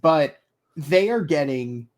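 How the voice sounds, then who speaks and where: A podcast co-host giving measured commentary in a casual recap chat. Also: mid-range voice, animated.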